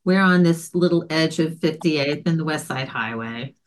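A woman hosting a podcast tells a story in casual chat, her low voice moving at normal speed. She is animated and acts out the voices of others.

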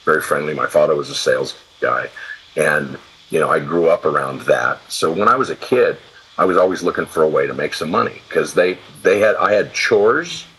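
A man in his sixties from California, guesting on a podcast, speaks in an extremely low, gravel-edged, husky voice. He tells loose, salty stories, often restarting his sentences as he goes. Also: normal speed, fairly bright tone, poor audio. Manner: rambling, profane, with many restarts. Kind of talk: casual storytelling interview.

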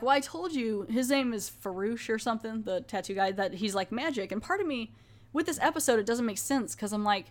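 Casting: woman podcast host, casual chatty recap, mid pitch, lively storytelling. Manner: chatty, animated retelling with quoted voices. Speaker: podcast host reviewing a TV episode.

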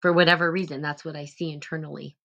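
A woman hosting a live stream, talking casually about self-love in a gentle, rambling way. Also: sits low, little pitch movement, fast, creaky, highs cut off. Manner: rambling, gentle, many "like" fillers. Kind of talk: casual spiritual self-help talk.

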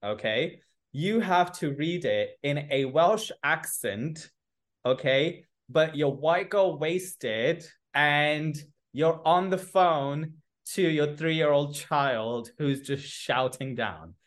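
Playful male podcast host. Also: on the high side. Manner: playful, teasing, gives quick game instructions. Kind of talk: casual interview.

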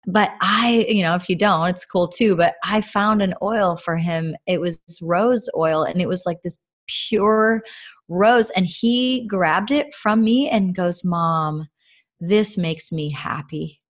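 A woman's voice: mid-range voice, unhurried. A woman in her thirties, a podcast co-host and mother, talking earnestly and reflectively about faith, with many fillers. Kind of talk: casual faith-based podcast talk.

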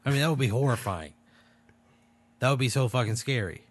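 A man's voice: mid-range voice, lively intonation, brisk, husky. A man answers his co-host's odd hypothetical in casual podcast chat. He is blunt and swears freely, and he treats each question with a joking matter-of-factness. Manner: blunt, profane, jokey replies.

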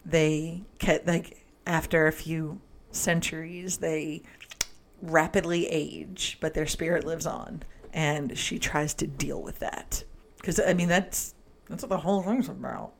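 A woman with a notably low voice co-hosts a relaxed film chat. She is animated, laughs easily and jumps in over her co-host. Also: takes it slowly, gravelly. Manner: animated, laughs often, cuts in. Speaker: podcast co-host. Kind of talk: casual movie review chat.

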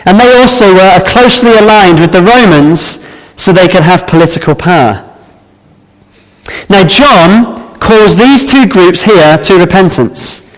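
A man preaching a sermon, explaining a Bible passage in an earnest, measured way. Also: high-pitched. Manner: earnest, measured Bible exposition with some restarts. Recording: reverberant hall.

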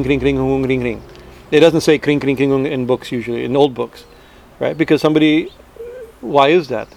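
A man's voice: mid-range voice, a little mellow. A man giving an informal spiritual talk, conversational, often restarting his sentences and checking in with "right?". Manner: conversational, many restarts, frequent "right?" tags. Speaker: spiritual teacher.

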